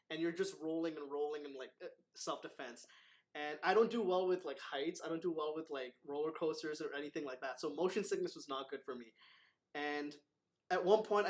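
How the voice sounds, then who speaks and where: A man hosting a casual talk as a martial arts instructor. He tells his stories in a rambling way, full of fillers and acted quotes. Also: on the high side. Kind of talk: casual storytelling chat.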